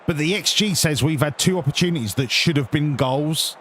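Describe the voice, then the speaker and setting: A man's voice: on the high side, fairly quick, a bit bright, slight background noise. A man commentating on his own football game, swearing and ranting in exasperated outbursts. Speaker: gamer playing a football management game. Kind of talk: live gameplay commentary.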